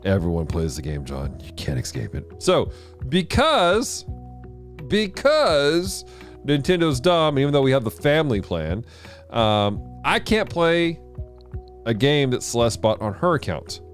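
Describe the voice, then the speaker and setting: A man hosting a casual game livestream, animated and laughing often as he reads viewer comments aloud. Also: mid-range voice, measured pace, soft background music. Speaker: game streamer and show host.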